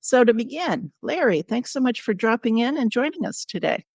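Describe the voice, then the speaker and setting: A woman's voice: a little high, lively intonation, moderate pace, creaky, a little mellow, breathy edge, no echo. A woman hosting an interview podcast, friendly and joking in a casual chat. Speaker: podcast host.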